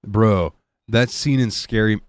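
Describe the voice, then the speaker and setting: A man co-hosting a podcast, telling stories in a casual, profane, animated way. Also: lowish voice, takes it slowly, dry recording. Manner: animated, profane storytelling with laughs. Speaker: podcast co-host. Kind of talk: casual chat.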